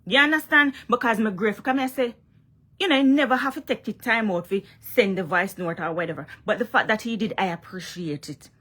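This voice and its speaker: Talking straight into the camera for her laid-back vlog, this young Jamaican-accented woman has a mid-range voice that comes out fairly quick, pushed and bright. She hammers her points home, says things more than once, and keeps asking "you understand?"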